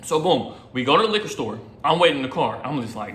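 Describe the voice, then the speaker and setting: A man's voice: medium pitch, big pitch swings, fast talker, fairly bright tone, echoey room, a little hiss or hum. A young man, a rideshare driver, telling a rambling, slangy story in casual chat, often asking "you know what I'm saying".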